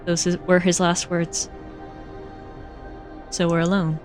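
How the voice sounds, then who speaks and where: Animated woman streamer over game music. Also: on the low side, takes it slowly. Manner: animated, reacts loudly, jokey asides. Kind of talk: casual gameplay commentary, reading game text aloud. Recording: faint game music behind.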